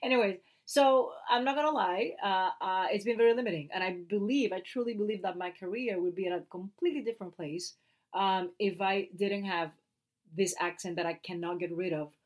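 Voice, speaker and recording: A woman from Puerto Rico with a Puerto Rican Spanish accent, co-hosting a podcast in casual, animated chat. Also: medium pitch, a little fast. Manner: animated, laughs often, quotes people in their voices. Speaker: podcast co-host.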